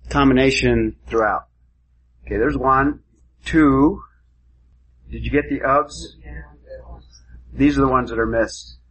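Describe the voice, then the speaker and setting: A man's voice: medium pitch, fairly bright tone, a little hiss or hum, poor audio. A man teaching a class, giving a lecture and quizzing students with questions.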